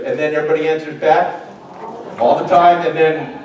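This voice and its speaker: A man's voice: on the high side, fairly even intonation, moderate pace, a little mellow. A male pastor preaching a sermon in a church hall, talking in a joking, conversational way and acting out quoted voices. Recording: very echoey hall from far off, faint noise.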